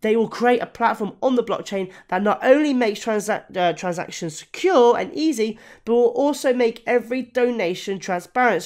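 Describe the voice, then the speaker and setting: A YouTuber talking casually through a crypto project review, with many fillers, restarts and self-corrections, and bouts of hiccups. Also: male voice, sits high. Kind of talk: casual spoken review to camera.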